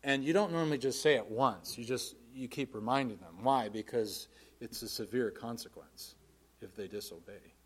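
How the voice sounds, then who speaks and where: A man preaching a sermon in an earnest, plainspoken way, swinging from forceful emphasis to quiet asides. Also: medium pitch, normal speed, slightly rough.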